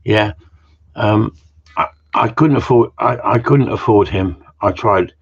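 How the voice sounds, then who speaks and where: A man's voice: fairly low pitch, measured pace, slightly rough. A man hosting a casual live Q and A, rambling and jokey, swearing freely and tagging questions onto his remarks. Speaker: host of a live Q and A. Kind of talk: casual live-stream chat. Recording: muffled lo-fi audio.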